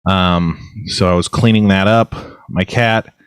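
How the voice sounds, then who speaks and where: A man's voice: low voice, fairly even intonation, unhurried, clear, resonant tone, dry recording, studio quality. Rambling podcast co-host man. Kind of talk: casual comedy chat.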